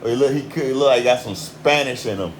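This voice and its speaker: A man's voice: mid-range voice, fast, a little hiss or hum. A man with an American country accent ranting in a heated, profane monologue. He swears constantly and repeats himself for emphasis. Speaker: commentator.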